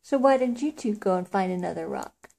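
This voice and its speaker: A woman's voice: medium pitch, expressive, fairly quick, creaky, warm tone. A woman reading aloud and voicing a bossy, pushy schoolgirl who teases and wheedles. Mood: smug. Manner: teasing, wheedling.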